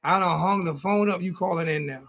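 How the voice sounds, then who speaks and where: A man's voice: high-pitched, fairly quick, gravelly, a bit bright, faint music behind. A man hosting a casual fan call-in show in a Southern US accent, loose and repetitive, often restarting his sentences.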